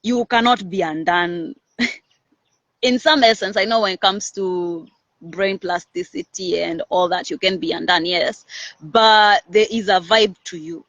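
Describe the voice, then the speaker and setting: Confident, energetic woman hosting a branding talk. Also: fairly low pitch, measured pace, no echo, lo-fi sound. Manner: energetic, confident, animated, with many "all right?" check-ins. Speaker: host of a personal branding series. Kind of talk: casual motivational talk to camera.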